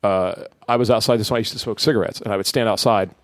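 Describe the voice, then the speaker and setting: A man's voice: fairly low pitch, fairly even intonation, racing, no echo, clean studio sound. A man co-hosting a podcast in casual chat, telling rambling stories and swearing freely. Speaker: podcast co-host.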